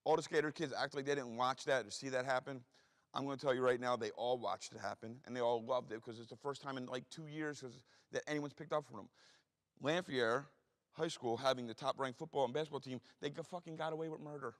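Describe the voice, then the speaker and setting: A man's voice: medium pitch, fairly even intonation, fairly quick. A middle-aged man telling a story to an audience, blunt and profane, acting out the voices of the people in it. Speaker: guest speaker. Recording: long hall reverb.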